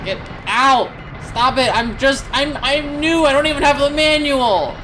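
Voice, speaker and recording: A woman's voice: high voice, unhurried, fairly bright tone, a little hiss or hum. A young woman streamer commentating live on a game, flustered and joking, with lots of exclamations.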